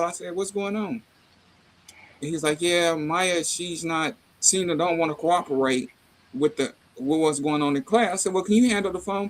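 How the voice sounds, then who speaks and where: A middle-aged man chatting casually, telling a family story with lively acted-out dialogue and salty slang. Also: sits high, a little hiss or hum. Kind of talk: casual chat.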